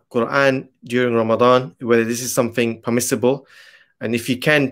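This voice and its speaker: A man's voice: medium pitch, fairly bright tone. A man hosting a live stream, reading out viewer questions to a scholar with some hesitation. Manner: hesitant, uses fillers.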